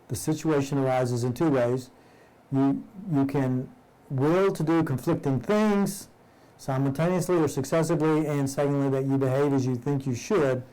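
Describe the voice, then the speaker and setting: A man's voice: a little high, a little mellow, low-quality recording. A man leading a live-streamed study group who reads a spiritual text aloud, stumbles and rereads lines, then explains each passage in plain words.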